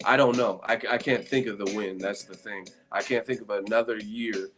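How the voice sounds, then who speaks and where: A man's voice: lowish voice, steady tone, normal speed, fairly bright tone. A man hosting a boxing live stream, rambling and cursing through tired, casual banter with his viewers. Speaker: boxing channel host. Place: hotel room in Las Vegas. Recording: music playing behind.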